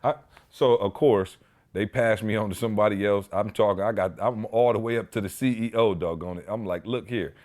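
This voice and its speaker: A man hosting a podcast, telling stories in casual chat with slangy, animated delivery. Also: on the low side, brisk. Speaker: podcast host.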